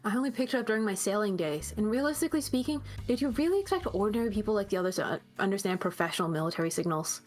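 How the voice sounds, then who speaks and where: A woman's voice: mid-range voice, racing, hardly any pauses, a little mellow, soft background music, close to an everyday voice. A woman voicing a strict, impatient female military commander who scolds in a clipped, commanding way, as fan voice acting of a game script. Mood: scolding.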